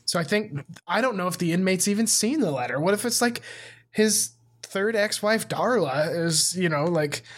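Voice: medium pitch, animated, moderate pace. A podcast co-host reading out police reports and riffing on them in a wry, casual way, laughing often.

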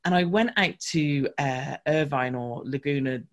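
A woman, a guest on an interview podcast, telling a personal business story in a lively, fast-flowing way with frequent restarts. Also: deep voice, highs cut off. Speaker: podcast guest, marketing coach.

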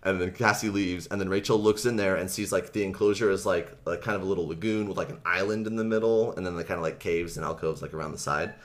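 A man with a deep, low-pitched voice recaps a book on a comedy podcast. He tells it loosely and animatedly, full of "like" and fillers. He slips into the characters' lines and laughs a lot. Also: quick pace, few pauses. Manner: animated retelling, acts out quotes, laughs often, many fillers.

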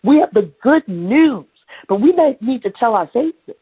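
A woman preaching a sermon in a conversational, animated way, laughing now and then. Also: fairly high pitch, unhurried, husky. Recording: tinny phone-like sound.

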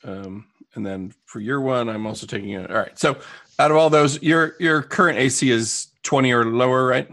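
Gravelly-voiced man running a tabletop game. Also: mid-range voice. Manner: relaxed, joking, quick rulings. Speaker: game master. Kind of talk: running a tabletop game over a video call.

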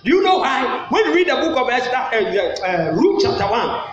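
A Ghanaian man preaching a sermon as pastor, mixing English and Twi, breaking into shouted bursts. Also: extremely high pitch, sing-song, normal speed. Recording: echoey hall, muffled sound.

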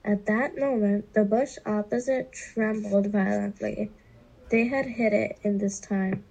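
A woman reading a children's novel aloud, slowly and deliberately, with occasional stumbles. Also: medium pitch, fairly even intonation, gravelly, darkish tone, husky, poor audio. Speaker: reader.

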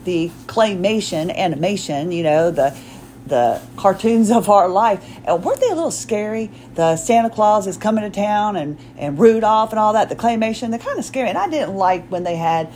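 A woman's voice: mid-range voice, lively intonation, normal speed, darkish tone, a little hiss or hum, poor audio. A woman in her forties hosting her own podcast, talking in a chatty, rambling way, often restarting her sentences and acting out quotes. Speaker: podcast host. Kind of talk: casual solo podcast chat.

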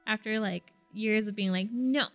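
A woman's voice: medium pitch, moderate pace, soft background music. Podcast co-host, a woman who tells stories animatedly and swears freely. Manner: animated storyteller, swears casually. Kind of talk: casual chat.

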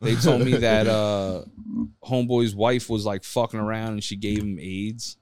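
A man's voice: lowish voice, steady tone, normal speed, a little mellow, smooth, no room sound. A man co-hosting a podcast in a loose, casual chat, telling stories with frequent laughter and acting out the people in them. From New York. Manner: laughing often, acts out voices in his stories. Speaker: podcast co-host.

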